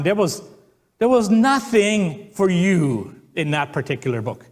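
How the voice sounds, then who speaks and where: Brief: male pastor, a bit high-pitched, lively storyteller who acts out the quotes. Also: measured pace. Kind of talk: sermon.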